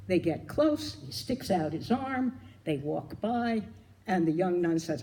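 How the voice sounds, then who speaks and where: A man telling jokes at a memorial gathering, in a lively storytelling manner with acted-out quotes. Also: high voice, measured pace, slight background noise, low-quality recording. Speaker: memorial speaker.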